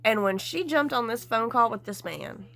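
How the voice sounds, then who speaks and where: A woman's voice: on the high side, moderate pace. Chatty, gossipy woman vlogger. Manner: animated, gossipy, frank with mild swearing. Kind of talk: casual chatty commentary.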